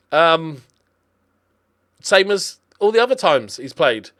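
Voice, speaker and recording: A man talks through his video game season in a loose, chatty way. He fills his sentences with ums and likes and often stops to restart them. His pitch sits in the ordinary middle range for a man. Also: moderate pace, long pauses. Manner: chatty and animated, with lots of fillers. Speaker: gaming commentator. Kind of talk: casual video game commentary.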